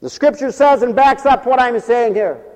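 A man's voice: very high voice, normal speed, a little mellow, long reverb tail, rough recording. A man delivering a humorous radio sermon, scolding and theatrical, playfully mocking his listeners. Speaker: radio preacher.

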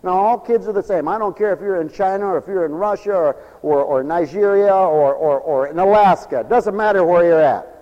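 A man's voice: high voice, a little fast, hardly any pauses, highs cut off. A man preaching a sermon in an emphatic, folksy way, telling stories and calling out for amens. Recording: long hall reverb.

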